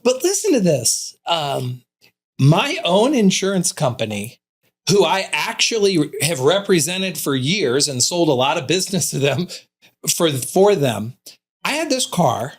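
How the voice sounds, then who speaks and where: Animated high-voiced storytelling man. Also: measured pace, husky. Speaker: insurance agent, podcast guest. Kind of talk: casual podcast conversation.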